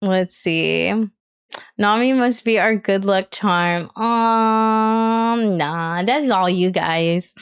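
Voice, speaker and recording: A woman streamer chatting casually on a live stream, excitable and quick to gasp and laugh. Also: medium pitch, clean tone.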